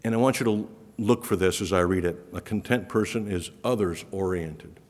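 A man's voice: sits low, moderate pace, a little mellow. A man preaching a sermon, earnest and emphatic, his voice building on repeated promises. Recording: reverberant hall.

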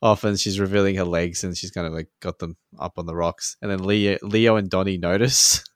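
An Australian man co-hosts a podcast in loose, rambling chat, swearing freely and breaking into laughs. His voice sits low. The recording is dry and close, with no room sound. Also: steady tone, fairly quick, no room sound. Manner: rambling, profane, laughs often. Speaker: podcast co-host. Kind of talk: casual chat.

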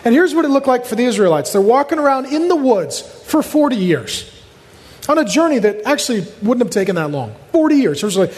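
A man delivers a sermon to his congregation in a high, lively voice, acting out complaining voices and adding jokes. His voice carries a long reverb from a large hall. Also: a little fast. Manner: animated, acts out quoted voices, jokes with the congregation. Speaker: pastor.

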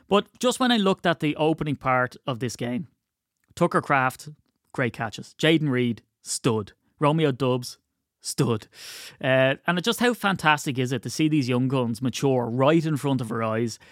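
A man talks through sports news on his own podcast, mixing firm opinions with wry jokes. His voice sits at an ordinary middle pitch. The recording is dry and close, with no room sound. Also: lively intonation, normal speed, no room sound. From United Kingdom. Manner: chatty, opinionated, wry asides. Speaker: podcast host. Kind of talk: casual solo commentary.

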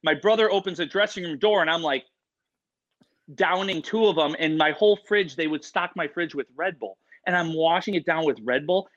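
A man telling stories as an interview guest, excitable and rambling, full of "like" and "you know". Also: on the high side, normal speed, muffled recording. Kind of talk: casual storytelling.

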